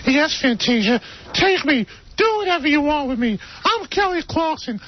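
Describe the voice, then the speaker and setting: A man playing a swooning woman in a hammy love scene, very high voice. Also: big pitch swings, moderate pace, a little hiss or hum. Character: swooning adult woman, hammed lovers' scene. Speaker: show regular. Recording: dull radio studio sound.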